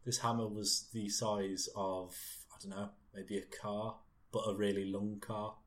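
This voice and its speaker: A man's voice: lowish voice, little pitch movement, measured pace. A young man co-hosting a comedy podcast, telling stories with lots of restarts. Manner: hesitant, repeats words while spinning a tale. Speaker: podcast co-host. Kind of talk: casual comedy chat.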